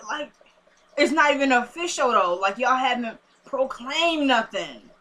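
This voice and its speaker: Young woman vlogger, fairly high and forceful, chatty recap straight to viewers. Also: a little slow. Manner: chatty, addresses viewers directly, animated. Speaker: TV episode reviewer. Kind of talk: casual recap to camera.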